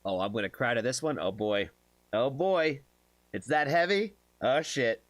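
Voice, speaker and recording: A man hosting a live music reaction stream, chatting casually with viewers, excitable and swearing often. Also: mid-range voice, unhurried, dry recording.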